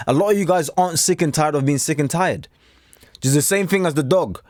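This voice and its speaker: A man's voice: a little high, brisk, a little mellow, no echo. A man from Africa giving a blunt, preachy motivational talk straight to camera, acting out the voices he quotes. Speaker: self-improvement coach.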